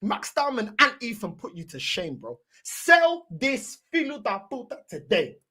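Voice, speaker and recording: A woman rants as a football fan host, exasperated and swearing, repeating herself and slipping into Portuguese. Her voice is husky and a bit higher than most, with pitch that swings widely. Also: big pitch swings, unhurried, sharp tone. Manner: exasperated, swearing, repetitive, switching between English and Portuguese. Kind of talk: angry fan reaction rant.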